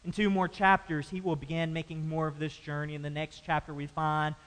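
A man's voice: on the high side, little pitch movement, brisk, fairly bright tone, clean tone. A man preaching a sermon emphatically, with rhetorical questions to the congregation. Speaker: pastor. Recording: long hall reverb.

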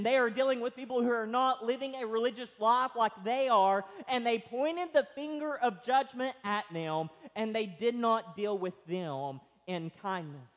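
High-voiced man preaching in a reverberant hall. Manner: slow, emphatic preaching with swings between loud and quiet. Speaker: pastor. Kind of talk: sermon. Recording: long reverb of a large hall.

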